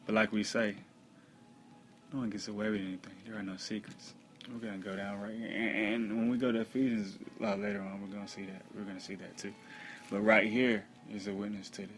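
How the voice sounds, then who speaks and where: A man teaching from the bible in a conversational way, with many fillers, reading scripture slowly and loudly. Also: lowish voice, level tone, soft background music.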